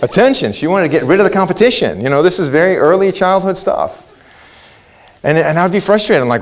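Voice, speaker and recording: A middle-aged man gives a conference keynote. He tells stories in an animated way, with lively rises and playful asides. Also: sits high, fairly quick. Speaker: keynote speaker.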